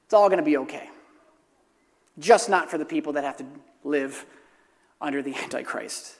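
Brief: an earnest male pastor with a high voice, preaching a sermon in a reverberant church sanctuary. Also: normal speed, vocal fry. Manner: earnest, repeats key phrases for emphasis. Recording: long hall reverb.

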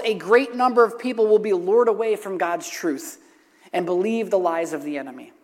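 High-voiced pastor preaching in echoing hall. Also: male voice. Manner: earnest, repeats key phrases for emphasis. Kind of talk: sermon. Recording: long hall reverb.

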